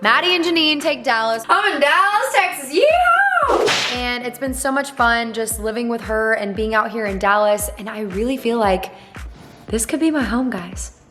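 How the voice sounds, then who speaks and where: A bubbly, playful woman in her twenties chats casually to camera for her vlog, sitting in a swing chair at her Dallas home and tossing asides to her viewers. Her voice is a little high and she speaks at normal speed, with music playing in the background.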